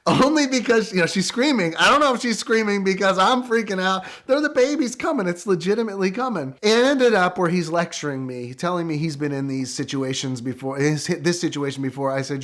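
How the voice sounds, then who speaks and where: Excitable middle-aged man telling a story. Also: on the high side. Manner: animated, excitable retelling with quick bursts. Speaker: guest storyteller. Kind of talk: casual anecdote telling.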